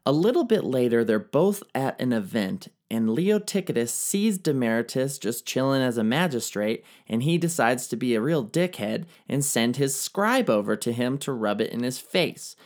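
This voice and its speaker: A man's voice: mid-range voice, expressive, moderate pace, hardly any pauses, a little mellow. A young man retelling ancient history as a comedy, slangy and profane. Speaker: narrator.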